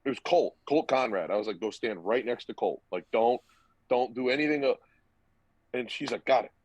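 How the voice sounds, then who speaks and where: A man's voice: medium pitch, moderate pace, dry recording. A young man telling a loose, profane story as a podcast guest, acting out the other people's lines as he goes. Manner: loose, profane, acts out quoted dialogue. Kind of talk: casual storytelling. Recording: dull, lo-fi dry recording.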